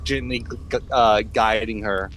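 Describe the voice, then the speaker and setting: A man running a tabletop game as game master, describing the scene in a loose, relaxed way. He pads his narration with many fillers and restarts. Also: fairly low pitch, normal speed, slight background noise.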